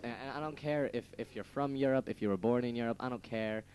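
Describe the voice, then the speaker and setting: A young man on a small radio show, telling stories in a loose, stammering ramble and laughing at his own lines. His voice sits at an ordinary middle pitch. A faint hum runs under the recording. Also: quick pace, a little mellow. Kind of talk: casual radio banter.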